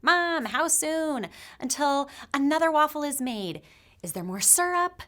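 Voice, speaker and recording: Woman doing whiny, demanding kids, high and pushy. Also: lively intonation, measured pace, bright, forceful tone, exaggerated voice. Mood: impatient. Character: demanding young kids asking for more food.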